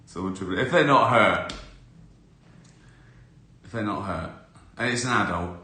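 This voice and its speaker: A man's voice: lowish voice, measured pace, sharp tone. Chatty man in an echoey room. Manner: chatty, laughs often, acts out little scenes. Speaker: host answering viewer questions. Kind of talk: casual live-stream chat.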